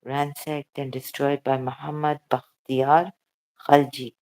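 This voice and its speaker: Slow-talking host, halting and emotional, casual livestream chat. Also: medium pitch, level tone, a little mellow. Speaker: channel host.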